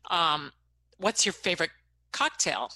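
Low voiced woman cohost, bright edge, gushy and excited about stuff. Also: unhurried. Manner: enthusiastic, gushing about favorites. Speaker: co-host. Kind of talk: casual chat.

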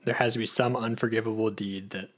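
A man's voice: on the low side, fairly even intonation, fast talker. A man who produces a podcast, joining the chat over a video call with joking, dry asides. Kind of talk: casual chat. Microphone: video call mic.

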